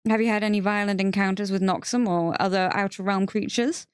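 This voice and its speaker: A woman voicing a brisk female executive who speaks in a clipped, businesslike way, cool and faintly amused. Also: medium pitch, steady tone, smooth, dry recording, studio quality, close to an everyday voice.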